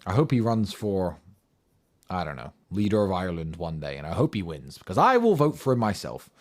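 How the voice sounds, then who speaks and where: A man's voice: low voice, big pitch swings, fairly quick. A man giving an impassioned, combative monologue in answer to audience questions, firing off rhetorical questions and swearing for emphasis.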